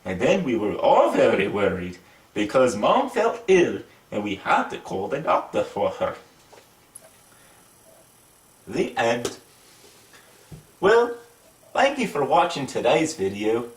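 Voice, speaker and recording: A man's voice: medium pitch, measured pace, distant mic. A man reads a children's storybook aloud in a put-on British accent, his voice rising and falling with the story. He sits back from the mic in an echoey room. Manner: lively, voices the characters. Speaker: reader of a children's book.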